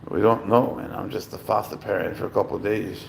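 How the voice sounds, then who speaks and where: A man chatting casually to viewers at home as a cat-owning vlogger, rambling and profane with sudden loud exclamations. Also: lowish voice, fairly even intonation, fast, vocal fry, a little hiss or hum.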